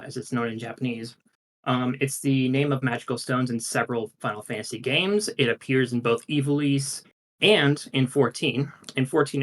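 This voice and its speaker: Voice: mid-range voice, a bit bright. A panel co-host giving a casual lore presentation, enthusiastic, with frequent fillers.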